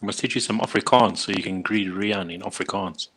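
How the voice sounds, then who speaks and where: A man's voice: low voice, fairly even intonation, fairly quick, a bit bright, breathy edge. A man co-hosting a livestream in easygoing, rambling chat, heard over a streaming video call. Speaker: livestream co-host. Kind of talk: casual chat.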